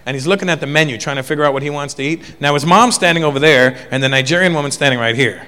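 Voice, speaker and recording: A man telling a stand-up story in a high, bright, tense voice, with "right?" checks to the audience. A long hall reverb trails behind his lines, along with faint noise. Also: racing, smooth. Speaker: stand-up comedian. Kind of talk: stand-up comedy routine. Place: comedy club stage.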